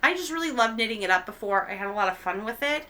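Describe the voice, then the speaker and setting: An American-raised woman hosts a knitting podcast, knitting at home while recording on a camera mic. Her fairly high, lively voice is bright and forceful and moves quickly as she rambles casually, full of ums and self-corrections.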